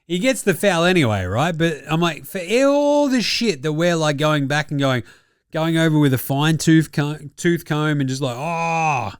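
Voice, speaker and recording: Jokey, crude Australian bloke hosting a basketball recap; animated, dry recording. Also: male voice, a little high, normal speed, clear, resonant tone, no echo. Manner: profane, jokey, laughs often. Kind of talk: casual sports recap commentary.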